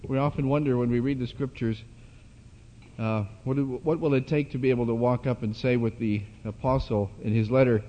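A man preaching a sermon at a church gathering, speaking haltingly with many fillers and restarts. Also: medium pitch, fairly even intonation. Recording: dull lo-fi hall recording.

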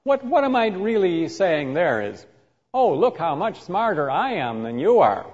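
A man teaching a sermon who reads scripture aloud and then explains it, slowly and deliberately, acting out quoted insults vividly. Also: a little high, very animated, darkish tone. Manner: slow and deliberate. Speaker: Bible teacher. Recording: muffled, reverberant hall recording.

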